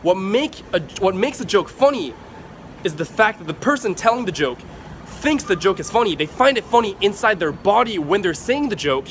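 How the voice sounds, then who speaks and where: Guy with a high voice vlogging advice, lively and swears a lot, faint traffic noise behind. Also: moderate pace. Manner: animated, swearing, acts out excited examples. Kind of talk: casual advice talk to camera.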